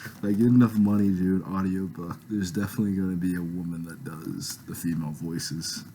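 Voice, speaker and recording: A man's voice: sits low, steady tone, fairly quick, warm tone, slight background noise, rough recording. A man reading his own novel aloud with a home microphone, casual and self-conscious in his asides. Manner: laughs off awkward passages, casual.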